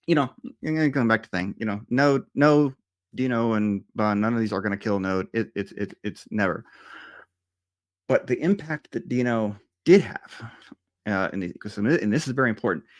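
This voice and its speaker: A man presenting a software conference talk in a loose, conversational way, with many fillers, restarts and "right?" checks. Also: lowish voice. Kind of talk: technical presentation.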